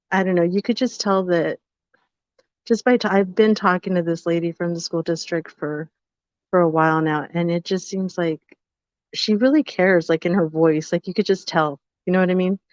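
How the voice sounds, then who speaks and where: A woman's voice: on the low side, steady tone, darkish tone, no echo. A woman co-hosting a live podcast, chatty and retelling stories with lots of fillers. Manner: chatty storyteller, fast filler-heavy retelling. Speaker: podcast co-host. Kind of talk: casual live podcast chat. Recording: dull, dry lo-fi sound.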